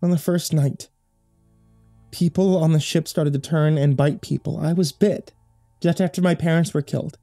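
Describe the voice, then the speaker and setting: A man's voice: fairly even intonation, moderate pace, creaky, dark tone, soft background music. A man voicing a frantic teenage girl who survived among the dead, pleading and breathless. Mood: grim. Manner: breathless, pleading, high-pitched cries.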